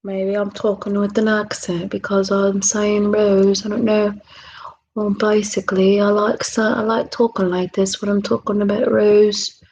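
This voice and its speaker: A woman vlogger in a relaxed self-care chat, talking softly and drawing out her words, often dropping into a whisper. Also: medium pitch, husky, poor audio. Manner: slow, drawn-out, soft, drifting into whispers.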